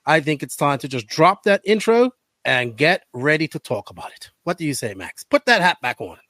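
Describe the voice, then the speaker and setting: A man's voice: a little high, big pitch swings, normal speed, bright, forceful tone, no room sound. A man hosting a casual podcast from a camper set up as a makeshift studio, talking in a joking, playful way. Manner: joking, playful, mock-solemn. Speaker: podcast host.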